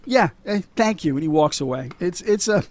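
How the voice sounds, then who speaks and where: This podcast co-host, a middle-aged man, speaks in a high, animated, brisk voice with a darkish tone. He retells film scenes in laid-back recap chat, laughing a lot and cursing frequently.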